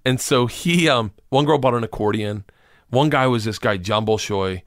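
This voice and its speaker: A man's voice: medium pitch, normal speed, dry recording, studio quality. A man, a comedian, telling a rambling, profane story in casual conversation, now and then acting out the people in it. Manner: rambling, profane, acts out voices of people in his stories. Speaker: comedian guest.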